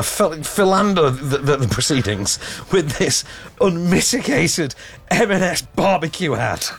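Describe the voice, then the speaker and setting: An English man hosts a film review podcast in loose, sarcastic chat, often stopping and restarting his sentences. His voice is a little husky and sits slightly high for a man. His pitch swings widely as he talks. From England. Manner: sarcastic, rambling with many restarts. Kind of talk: casual chat.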